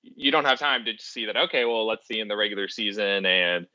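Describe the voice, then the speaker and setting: A man co-hosts a hockey podcast in loose, rambling chat, full of restarts and "you know"s. His low voice sounds bright and forceful. The recording is dry and a little dull. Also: a little fast, dry recording. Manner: rambling, many fillers and restarts. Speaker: podcast co-host. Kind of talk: casual chat.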